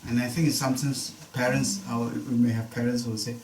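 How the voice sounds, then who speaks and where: A man's voice: medium pitch, level tone, a little fast, few pauses, a little mellow. A man teaching an unscripted Bible study class, explaining a passage with repeated phrases for emphasis and the odd joke. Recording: roomy live class recording from a distance, faint noise.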